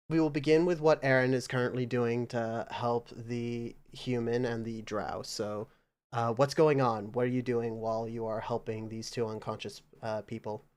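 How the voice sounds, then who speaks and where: A man's voice: mid-range voice, clean tone. A man narrating a tabletop game as game master, casual and loose, with plenty of fillers.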